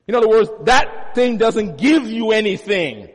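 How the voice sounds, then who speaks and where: A man's voice: high voice, big pitch swings, unhurried. A male pastor preaching a sermon, teaching with emphatic repetition and homely everyday examples. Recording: long hall reverb.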